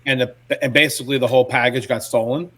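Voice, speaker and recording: A man co-hosting a casual podcast, telling a story in a lively way. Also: medium pitch, fast talker. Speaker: podcast co-host.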